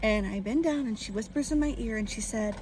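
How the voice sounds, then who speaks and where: Excited higher-voiced woman telling a story. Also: fairly quick, background noise. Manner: excited, acts out the child's voice. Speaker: party performer and psychic medium. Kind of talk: casual storytelling to camera.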